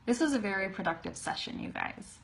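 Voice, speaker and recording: A young woman teaching a live online English pronunciation lesson, chatty and laughing often, slowly modelling words on a webcam. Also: mid-range voice, lively intonation, vocal fry.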